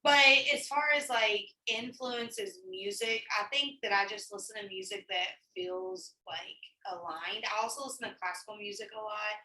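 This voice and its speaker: A woman's voice: mid-range voice, moderate pace, hardly any pauses, pushed and bright, roomy sound, far from the mic, poor audio. A woman talking as a guest on a podcast, casual and profane, filling her talk with "like".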